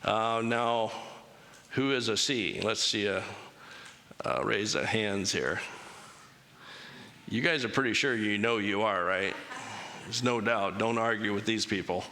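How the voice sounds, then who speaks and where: A man's voice: fairly low pitch, a little slow, pauses often, sharp tone, slight background noise. A man giving an interactive church talk, casual and joking, asking the congregation to raise hands. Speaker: church speaker. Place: chapel. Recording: long chapel reverb.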